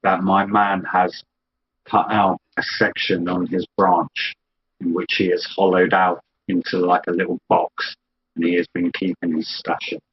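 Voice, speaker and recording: A man with a low voice narrates a tabletop role-play session as game master, taking his time over each scene. The audio is dull and lo-fi, with a faint noise underneath. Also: little pitch movement. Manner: slow, descriptive storytelling.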